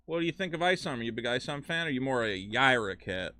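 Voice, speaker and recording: A man's voice: medium pitch, expressive, very fast, few pauses, pushed and bright. A man hosting a live game stream, ranting with profane, sarcastic commentary from his home setup. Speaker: streamer host.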